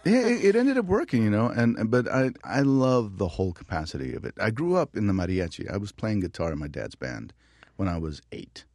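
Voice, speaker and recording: A man, an actor being interviewed, telling stories from his career in a lively, laughing way and acting out other voices. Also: fairly low pitch, fairly quick, no echo. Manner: animated, laughing, acts out voices in anecdotes. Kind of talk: casual storytelling.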